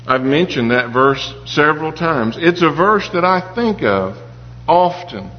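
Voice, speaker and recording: A man's voice: on the high side, lively intonation, measured pace. A man preaching a sermon in an earnest, personal way, with stories from his own life. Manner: earnest, personal storytelling with occasional restarts. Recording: reverberant hall with dull sound and faint hum.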